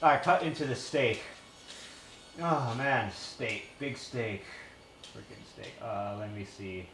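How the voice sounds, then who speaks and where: Streaming live from his kitchen, a man cooks while chatting casually, reading a recipe aloud, rambling and swearing, a bit out of breath. His voice is lowish and slow, with background noise present.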